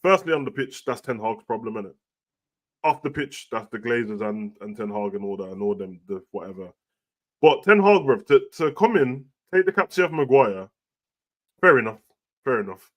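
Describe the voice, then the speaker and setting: A man's voice: mid-range voice, expressive, normal speed. A man, chatting casually and animatedly about football and boxing as a podcast host, dropping slang constantly. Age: adult with a young son. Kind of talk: casual chat.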